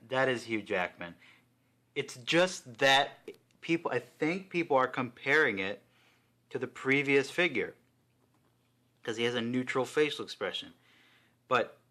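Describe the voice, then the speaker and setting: A man chatting casually and excitedly while reviewing a collectible figure, swearing now and then. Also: medium pitch.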